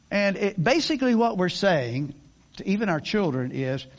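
Older preacher guy, high voice that jumps around a lot, folksy sermon, kinda muffled recording. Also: very animated, moderate pace. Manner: folksy, conversational preaching with frequent restarts. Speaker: pastor.

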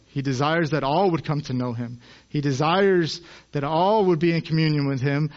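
Male preacher, 30s, earnest sermon delivery, slightly high voice, muffled lo-fi sound. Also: steady tone, normal speed. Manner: earnest, acts out quoted voices with rising emphasis.

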